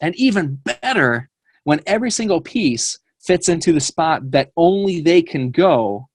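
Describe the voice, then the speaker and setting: A young man, a fitness coach, telling a rambling, animated story on a team call. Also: a little high, measured pace, no room sound.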